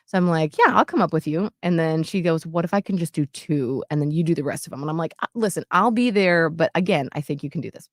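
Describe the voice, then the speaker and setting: A woman's voice: sits low, fast talker, few pauses, dry recording, studio quality. A woman co-hosting a show, telling a personal story in casual chat and acting out what others said. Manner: animated, acts out quotes with shifts in loudness. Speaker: podcast co-host.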